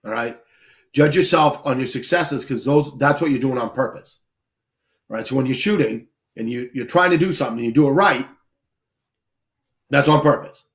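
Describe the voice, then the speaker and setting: Hosting his laid-back stream, this shooting instructor pauses often as he tells stories. His medium-pitched voice moves at an ordinary pace, and he's blunt, cursing without restraint.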